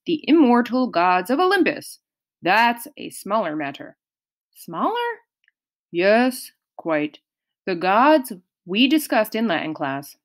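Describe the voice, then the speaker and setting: A woman reading an audiobook, voicing a gentle, patient male teacher explaining things kindly. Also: medium pitch, very animated, measured pace.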